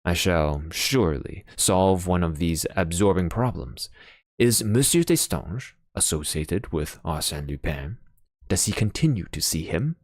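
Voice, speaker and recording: A man doing a shrewd calm detective. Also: low-pitched, unhurried, dry recording, studio quality, heavily acted. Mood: musing.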